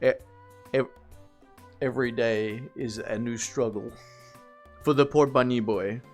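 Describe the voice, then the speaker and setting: A man streaming live, rambling through animated work stories to his chat, swearing and laughing as he goes. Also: mid-range voice, measured pace, faint music behind.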